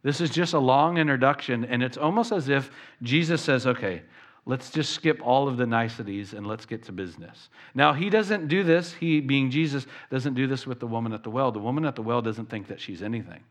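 A man preaching a sermon as pastor, talking in an animated way and acting out the voices of the people he quotes. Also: mid-range voice, fairly quick.

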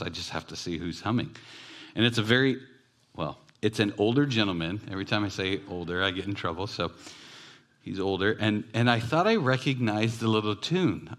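A man's voice: on the low side, a bit bright. A male pastor preaching a sermon in a conversational, self-deprecating storytelling way.

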